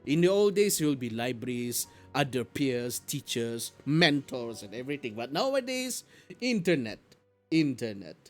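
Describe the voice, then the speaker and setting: Streamer: casual, animated storyteller, repeats and restarts phrases, very expressive pitch. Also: normal speed, soft background music. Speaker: live streamer. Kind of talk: casual chat explaining economics.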